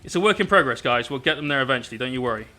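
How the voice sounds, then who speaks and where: A man's voice: medium pitch, expressive, racing, pushed and bright, soft background music. A man hosting a casual painting live stream, bantering with his chat and explaining each step as he works.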